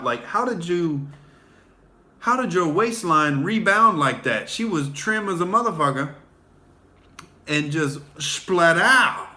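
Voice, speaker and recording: A man in his late twenties or thirties, a comedian hosting a livestream, telling crude, animated stand-up stories. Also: on the high side. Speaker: comedian, show host. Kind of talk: loose stand-up storytelling on a livestream.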